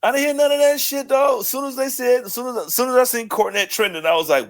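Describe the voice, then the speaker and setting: A man's voice: very high-pitched, fast, few pauses. A man co-hosting a podcast, ranting casually and profanely about wrestling. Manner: profane, rambling, animated. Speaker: podcast co-host.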